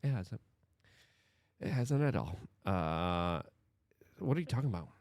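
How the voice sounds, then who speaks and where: Male commentary host, emphatic, lively pitch swings, dry close sound. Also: measured pace, no echo. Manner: emphatic, animated, rhetorical questions.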